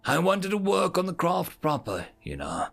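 Dry, brisk female alien commander, read by a man, commanding, gravelly edge, animated pitch. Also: soft background music, exaggerated voice.

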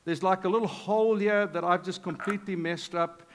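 A middle-aged male pastor preaching a sermon in a conversational, animated way, with asides to the congregation. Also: sits high, a little fast. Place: church hall. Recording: reverberant hall.

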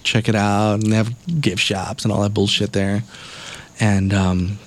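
A man's voice: on the low side, level tone, measured pace. A man telling a long, rambling travel story in casual podcast chat, swearing heavily and acting out what people said. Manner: rambling, heavy swearing, acts out quotes.

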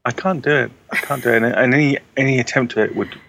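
A man's voice: mid-range voice, fast talker, gravelly, bright, forceful tone, a little hiss or hum. A man co-hosting a casual gaming podcast, joking around and restarting his sentences as he chats. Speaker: podcast co-host. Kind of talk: casual chat.

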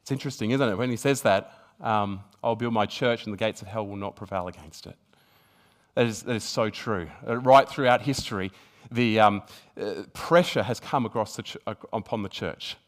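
A man with a fairly low voice preaches a sermon at a moderate pace. He speaks earnestly, often restarting his sentences, reads scripture passages aloud within the talk, and builds toward emphatic peaks.

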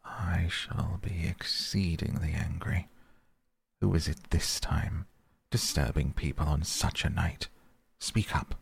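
A man voicing a gruff but paternal old male badger. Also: sits low, takes it slowly, no echo, heavily acted.

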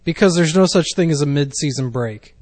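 Curt man with a higher voice. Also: brisk, a little mellow. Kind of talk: crude casual banter.

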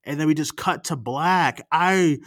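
A man co-hosting a film podcast in casual chat, animated and swearing, acting out movie lines between bursts of laughter. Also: fairly high pitch, a little slow, no room sound, studio quality. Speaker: podcast co-host.

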